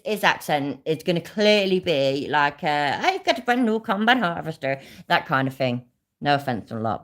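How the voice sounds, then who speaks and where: A woman from Leicester with an East Midlands accent, hosting a casual live stream and ranting in rambling, sweary bursts that speed up. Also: low voice. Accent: East Midlands English. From Leicester, England.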